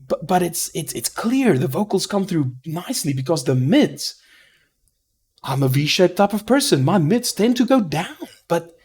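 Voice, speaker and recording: A man giving a rambling, profane headphone review, often stopping to correct himself and getting excitable. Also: fairly high pitch, breathy edge. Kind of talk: casual review monologue.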